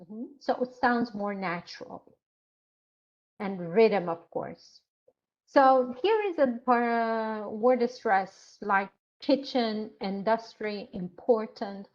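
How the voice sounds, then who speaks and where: A woman instructor lectures in a slightly high voice, taking her time and pausing often to find her words. Her delivery is very slow and patient. The sound is muffled and lo-fi, like an online class. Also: a little mellow. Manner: slow, explanatory, with frequent hesitations.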